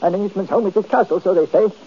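An actor playing a whining old miser. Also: male voice, high voice, very fast, slightly rough. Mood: self-pitying. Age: older. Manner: self-pitying, whining, querulous. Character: miserly old male retired colourman, whining. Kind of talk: 1940s radio acting. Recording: dull lo-fi old radio recording.

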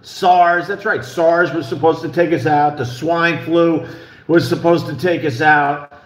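A man's voice: on the high side, fairly even intonation, unhurried. A man hosting a live stream, chatting loosely and rambling, captured on a cell phone. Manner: loose, rambling, musing aloud. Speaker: podcast host. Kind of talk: casual live-stream chat. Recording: muffled, echoey phone audio.

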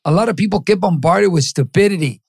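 A middle-aged man from East Los Angeles, appearing as a podcast guest, gives an animated motivational talk, acting out voices in his stories and dropping in Spanish phrases. He talks fast in a high-pitched, husky voice with vocal fry. The recording is dry.

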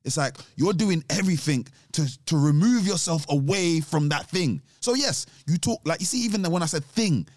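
Male, casual chat, slightly high voice, dry close mic, rambles, drops "th" to "t". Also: expressive, normal speed, hardly any pauses, no echo. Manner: rambling, restarts sentences, says th as t.

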